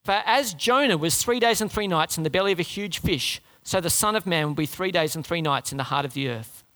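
A male pastor delivering a sermon in a high, bright voice. He is animated, pushing his pitch up on key points and dropping to a hushed, low tone when he prays. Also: a little fast. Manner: animated, rises high for emphasis and drops low for prayer.

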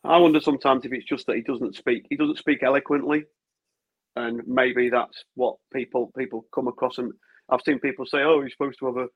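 A man's voice: mid-range voice, steady tone, a little fast, slightly rough. A man co-hosting a casual football podcast, talking in long rambling runs full of restarts. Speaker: podcast co-host. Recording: dull lo-fi sound.

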